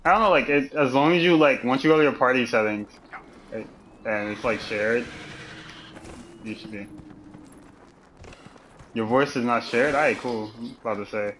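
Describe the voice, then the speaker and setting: A man talks casually while he plays a game live, bantering with friends in his party. He swears constantly, laughs a lot and jumps into loud mock outrage before dropping back to a low mutter. His voice sits in an ordinary middle pitch. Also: moderate pace, long pauses, slight background noise. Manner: profane, joking, laughs often, swings into loud mock outrage. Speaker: gamer streaming live.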